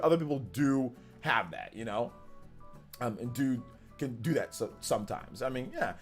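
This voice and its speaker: A man hosting a casual gaming live stream, excitable, repeating himself and laughing at himself as he talks. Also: medium pitch, fairly quick, faint music behind.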